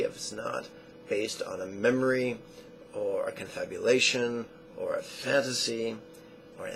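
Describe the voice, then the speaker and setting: A man teaching a meditation lesson in a slow, measured way, often repeating short phrases. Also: mid-range voice, creaky, rough recording.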